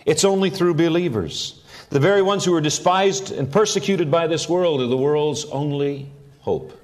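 A man's voice: a little high, normal speed, a little mellow. A middle-aged man, a pastor, preaching a sermon with earnest emphasis that rises on key phrases.

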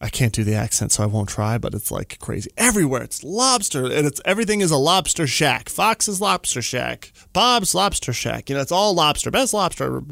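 Guy talking solo on his podcast, kinda high voice, bounces all over the place, super dry sound. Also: a little fast, creaky, hardly any pauses, no echo. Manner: animated, exaggerated jumps in pitch when ranting. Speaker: podcast host. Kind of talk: casual solo podcast monologue.

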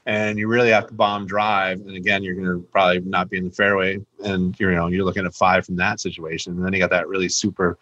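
A man's voice: low voice, flat delivery, fast, few pauses, bright, forceful tone, muffled recording. A man co-hosting a podcast, chatting casually about golf with a rambling, restart-heavy way of talking. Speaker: podcast co-host. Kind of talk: casual sports chat.

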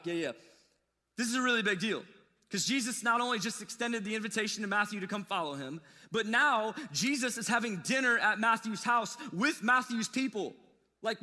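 A man preaching a sermon, telling stories in a casual, animated way with slangy asides. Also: high-pitched, in a large hall. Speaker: pastor.

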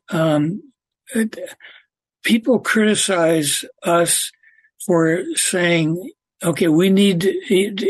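A man hosting a faith program, asking slow, measured questions with fillers. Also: on the high side, no echo. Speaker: host.

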